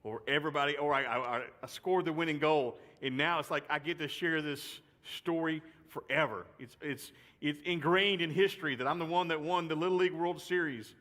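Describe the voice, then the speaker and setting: A man's voice: fairly high pitch, fairly quick, few pauses, fairly bright tone. A man giving a chatty, joking youth sermon full of personal stories, repeating phrases for effect. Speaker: youth speaker. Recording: long reverb of a large hall.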